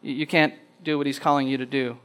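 A man preaching a sermon, earnest and plainspoken, slowing down to read scripture aloud with rising emphasis. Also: medium pitch, little pitch movement, fairly bright tone, clean tone, poor audio. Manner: reads scripture slowly and deliberately, rising for emphasis. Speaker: pastor.

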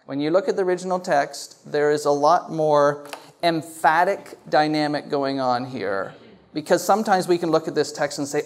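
A man's voice: fairly high pitch, moderate pace. A male pastor preaching a sermon to a congregation and putting questions to them. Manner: animated, asks the congregation questions. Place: church hall before a congregation.

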